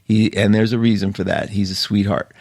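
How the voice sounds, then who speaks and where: A man's voice: lowish voice, level tone, brisk, darkish tone, no echo, studio quality. A man hosting a live astrology show, chatting in a rambling, casual way and laughing often. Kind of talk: casual live-stream talk.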